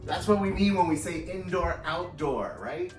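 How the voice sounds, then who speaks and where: A man's voice: high voice, animated, moderate pace, soft background music. Upbeat chatty man touring a home. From Louisiana. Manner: upbeat, jokey, chatty with small restarts. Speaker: vlogger touring a backyard unit. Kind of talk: casual walkthrough tour. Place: small unit indoors and out, backyard.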